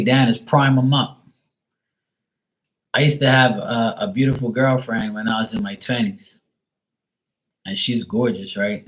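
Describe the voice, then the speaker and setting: A middle-aged man talks loosely on his live stream, blunt and full of swearing. His voice sits a little low. He rambles with plenty of fillers and now and then acts out other people's lines in a raised voice. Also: poor audio. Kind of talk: casual live-stream chat.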